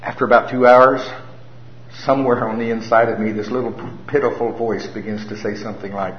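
A middle-aged man preaching a sermon with folksy humor and animated storytelling. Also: mid-range voice, fairly quick. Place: church hall with a live audience. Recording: roomy, slightly dull sound.

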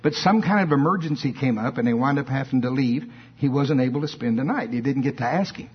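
A male preacher telling a story in an emphatic, animated sermon, with asides to the congregation. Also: medium pitch, fairly quick, breathy edge. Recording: dull lo-fi sermon recording.

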